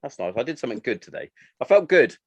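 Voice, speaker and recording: A man's voice: mid-range voice, big pitch swings, fast talker, no echo, muffled recording. A man in his thirties hosting a podcast, chatting casually and acting out his family's lines as he tells stories. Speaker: podcast host. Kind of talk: casual chat.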